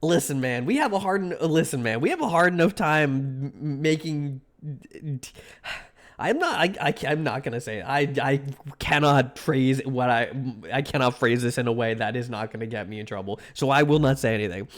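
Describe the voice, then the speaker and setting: A young man live-streams in a loose, rambling chat with his audience. He gets excitable, jokes around and swears freely, his voice sitting in a middling pitch for a man. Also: normal speed.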